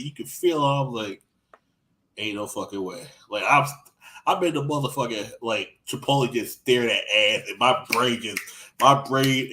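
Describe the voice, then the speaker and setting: A man with a mid-range voice tells raunchy stories in casual podcast chat. He rambles and restarts often. He acts out quoted lines, dropping soft and then jumping loud. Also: medium pitch, a little hiss or hum, poor audio. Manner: crude, rambling storytelling with lots of restarts.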